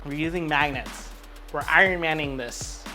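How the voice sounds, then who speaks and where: A tipsy man chats his way through a home cooking show, cracking jokes and swearing freely as he goes. Soft music and the sizzle of a frying pan sit faintly behind him. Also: fairly high pitch, moderate pace. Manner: rambling, joking and swearing freely. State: drunk. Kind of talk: casual cooking chat. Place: home kitchen.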